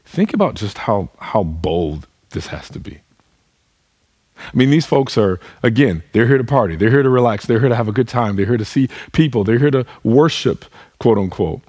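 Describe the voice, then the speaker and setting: A man's voice: medium pitch, expressive, moderate pace, a little mellow, slightly rough, dry recording. A pastor preaching a sermon, earnest, putting direct questions to his listeners. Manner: speaks to the congregation as "y'all".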